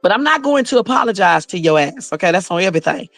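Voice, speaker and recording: A woman's voice: medium pitch, lively intonation, quick pace, vocal fry, fairly bright tone, no room sound. A blunt, sassy woman chatting live on her phone, cursing freely and talking straight to her viewers. The sound is dry and close, with faint music underneath. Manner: blunt, sassy, profane storytelling. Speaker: YouTube livestream host. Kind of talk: casual livestream chat.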